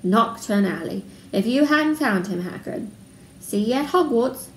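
A woman reading aloud voicing a huge, gruff bearded male gamekeeper with a growling manner. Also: fairly high pitch, animated, measured pace. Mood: brusque. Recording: roomy room, faint background noise.

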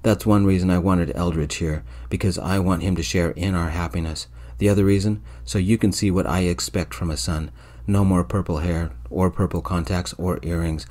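A man voicing a cold, domineering rich man, deep. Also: steady tone, normal speed, darkish tone, lightly acted. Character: stern, controlling rich older man. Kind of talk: soft-spoken ASMR storytelling.

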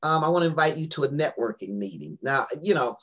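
A woman who is a poet and author tells a long personal story on an interview show, rambling and animated, full of fillers and restarts. Her voice sits low, she talks fast, and the recording is muffled.

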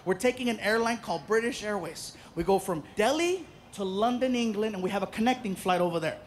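A man telling a stand-up story in an animated way, jumping into voices and shouts. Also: high-pitched, brisk, slight background noise. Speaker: stand-up comedian.

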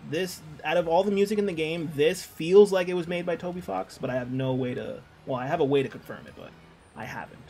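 Gravelly yet mellow, this man's fairly high-pitched voice comes a little fast, with slight background noise. He streams a video game, joking casually with viewers and reading out chat messages along the way.

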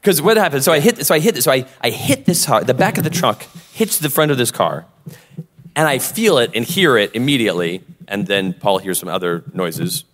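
A man telling a story on a live podcast, his pitch rising and falling all through. His voice carries a long, echoing reverb from a convention hall. He acts out both sides of every exchange he recounts. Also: lively intonation, a little fast, a bit bright. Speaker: podcast co-host.

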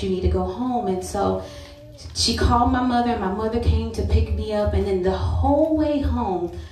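A woman's voice: medium pitch, a little mellow. A woman preaching a sermon and telling her own story in an earnest, personal way. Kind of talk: sermon testimony. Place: church sanctuary. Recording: roomy church sound from a distance.

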